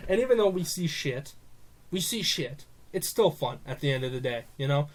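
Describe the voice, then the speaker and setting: A man's voice: a little high, moderate pace. Male podcast co-host, rants and swears about films in loose casual talk. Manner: animated ranting with swearing. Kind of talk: casual movie review chat.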